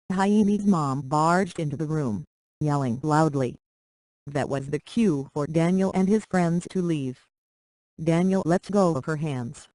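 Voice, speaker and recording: Steady story reader, mid-pitched voice. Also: measured pace, no echo, rough recording. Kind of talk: reading a short romance story aloud.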